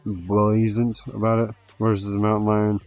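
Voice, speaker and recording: Low, mellow-voiced man rambling on a stream. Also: monotone, moderate pace, soft background music. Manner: rambling, heavy swearing, lots of fillers. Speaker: livestream host. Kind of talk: casual livestream chat.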